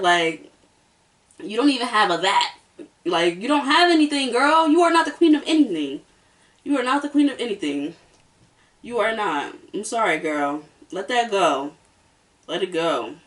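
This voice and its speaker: A woman's voice: medium pitch, fairly bright tone, recorded from a distance. A woman hosting a casual reality-show review, sassy and emphatic, hammering her points home by repeating them. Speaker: host.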